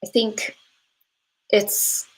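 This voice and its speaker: A woman's voice: extremely slow, poor audio. A woman hosting a casual live stream, chatting with viewers, often saying um and laughing between thoughts. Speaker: host of a live stream, reading viewer comments.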